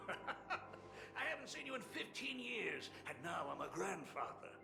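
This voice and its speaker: A man's voice: high-pitched, very animated, measured pace, gravelly, full character voice. An actor playing a teasing older male painter who is an estranged father, with a playful, chuckling manner. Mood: jovial. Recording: echoey game audio with loud music.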